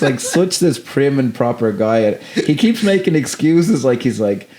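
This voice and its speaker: A man's voice: medium pitch, expressive, a little mellow. A man co-hosting a film podcast, chatting casually in a rambling, profane way and breaking into laughs. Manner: rambling, profane, quick to laugh and act out quotes. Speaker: podcast co-host.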